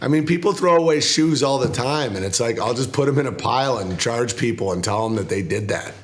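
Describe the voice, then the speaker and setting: A male comedian guest telling profane, animated stories in casual interview chat, laughing often. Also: mid-range voice, brisk.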